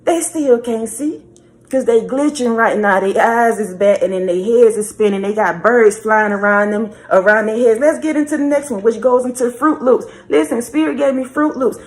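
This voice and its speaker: A woman's voice: on the high side, moderate pace. A woman giving a spiritual message reading in a repetitive, preachy way, often calling the listener baby. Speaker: spiritual reader.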